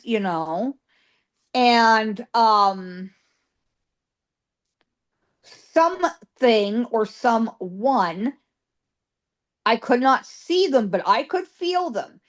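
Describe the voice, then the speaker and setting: A woman guest psychic telling ghost stories in an interview, emphatic, piling up repeated words for stress. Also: a little high.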